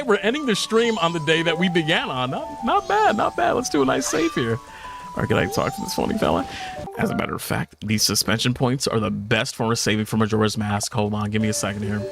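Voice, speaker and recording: A man casually chatting while livestreaming a video game at home, swearing and telling stories with lively put-on quotes. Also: medium pitch. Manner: profane, animated storytelling with laughs and put-on quotes. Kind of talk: casual gameplay chat. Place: home apartment at night. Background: faint game music.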